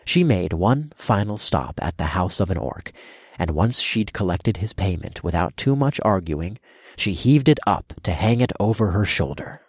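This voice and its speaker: In a low, husky, animated voice, a man gives measured first-person narration of a fantasy audiobook, growing commanding when he voices his own character's lines. The recording is dry and studio-clean.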